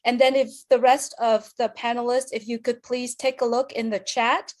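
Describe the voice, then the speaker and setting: Woman, webinar moderator, polite, halting, slightly high voice, video call. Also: little pitch movement, darkish tone. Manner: polite, repeated thanks, halting phrasing. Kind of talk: hosting an online meeting.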